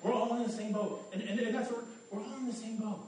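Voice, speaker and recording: A man's voice: high-pitched, fairly even intonation, quick pace, darkish tone. A man preaching a sermon as pastor, earnest and conversational, often repeating his first words as he goes. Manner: stammering repetitions, earnest and conversational. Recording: echoey room from far off.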